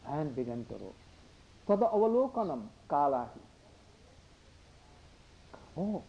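An older man giving a devotional discourse, halting and repetitive, slipping into Hindi asides. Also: fairly high pitch, very animated, creaky. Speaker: religious speaker. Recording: dull lo-fi recording.

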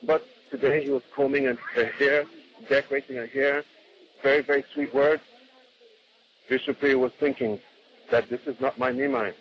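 A man's voice: medium pitch, steady tone, normal speed, pauses often, lo-fi sound, slight background noise. A man telling a devotional story off the cuff, often repeating words and acting out what the people in it said. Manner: unscripted, repeats words, acts out quotes.

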